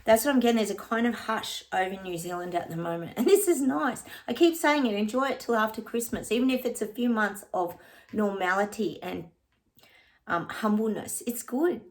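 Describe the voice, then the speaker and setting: A woman gives a chatty, casual psychic reading to camera at normal speed, her middle-pitched voice loose and friendly as she calls everyone "guys." She often laughs and hums short bits of songs between her points.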